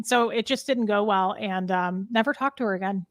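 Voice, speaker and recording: A woman's voice: medium pitch, normal speed, no echo. A woman in her thirties telling a personal story in a casual interview, frank and rambling, with many fillers and restarts. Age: 30s. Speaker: podcast guest. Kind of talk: candid storytelling in casual chat.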